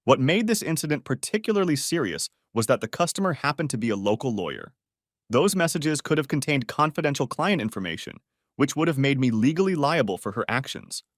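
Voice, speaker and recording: A man narrating a scripted first-person story in a steady, expressive way. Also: mid-range voice, a little fast, dry recording, clean studio sound.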